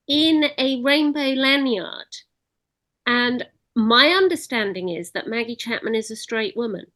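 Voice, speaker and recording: A woman campaigner talking as a guest in an interview, emphatic and animated, with occasional laughs. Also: mid-range voice. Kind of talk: casual interview chat.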